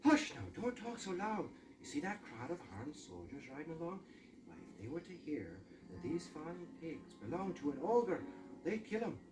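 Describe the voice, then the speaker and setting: 남자가 연기하는 꾀 많은 여우. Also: male voice, normal speed, far from the mic, music in the background, low-quality recording. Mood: coaxing. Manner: coaxing, urgent, high and lively. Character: sly smooth-talking male fox. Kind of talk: amateur storybook acting.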